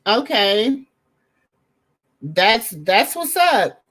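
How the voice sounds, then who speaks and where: Here the middle-aged Southern host speaks extremely slowly, her fairly high, slightly bright voice swinging widely in pitch. She rambles through viewer comments, addressing people directly and using plenty of slang.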